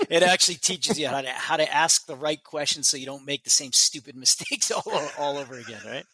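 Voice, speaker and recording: Bright-voiced upbeat male guest. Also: a little high, moderate pace. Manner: upbeat, storytelling, laughs easily. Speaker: podcast guest, entrepreneur. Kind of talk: casual interview chat. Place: home office on video call.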